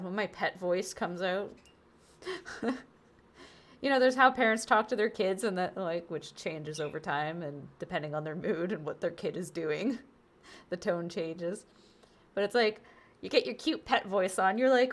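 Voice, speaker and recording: Speaking a little slowly in a lowish voice, a woman chats casually on a live game stream through a wireless headset. She's bubbly and talkative, and now and then she coos at her pet.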